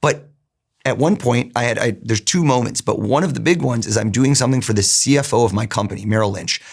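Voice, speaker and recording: A man in a podcast interview, recounting his own story with earnest energy. His voice sits at an everyday middle pitch, and he presses on with conviction as the tale builds. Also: brisk, creaky, breathy edge. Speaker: guest.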